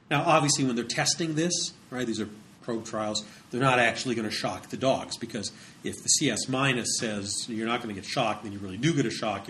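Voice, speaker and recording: A man of middle pitch delivers a relaxed lecture and talks it through conversationally. He often restarts phrases and fills pauses with "um" and "uh." A faint noise sits under the recording. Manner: conversational, repeats words and uses many fillers.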